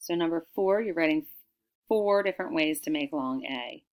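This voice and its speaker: A middle-aged woman teacher dictates a recorded spelling lesson for children, sounding out each word slowly and clearly. Her voice is low-pitched and a little mellow.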